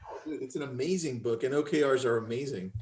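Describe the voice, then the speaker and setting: A man's voice: mid-range voice, quick pace, a little mellow, roomy sound. A man hosting a webinar over a video call, casual and enthusiastic. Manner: enthusiastic, laid-back. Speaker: webinar host. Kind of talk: casual chat.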